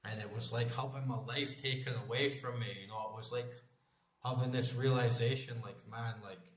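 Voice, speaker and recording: Now his voice sits mid-range with a steady tone, moving a little fast. The forties gaming channel host keeps up his rambling, emphatic, profanity-filled chatter, heard in an echoey room.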